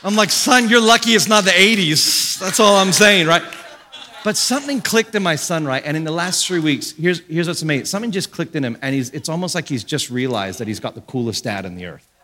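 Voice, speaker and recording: A man in his thirties preaches from a church stage with a bright, ringing voice that carries a long reverb through the hall. He tells his story with animated energy and leaps into high shouts when he quotes people. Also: fairly quick, a little hiss or hum. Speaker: pastor. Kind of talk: sermon.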